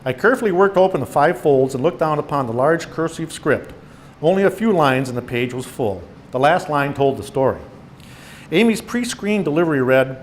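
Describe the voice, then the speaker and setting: A man in his sixties, an author giving a presentation in a meeting room, reads his memoir stories aloud and animates the quoted voices as he tells them. His voice is a little high at a normal speed, with a little hiss or hum on the recording.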